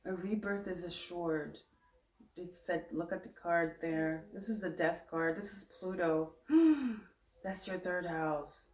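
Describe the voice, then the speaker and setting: A woman giving a tarot reading in a chatty, animated, self-correcting way. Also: lowish voice, takes it slowly, reverberant. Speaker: tarot reader.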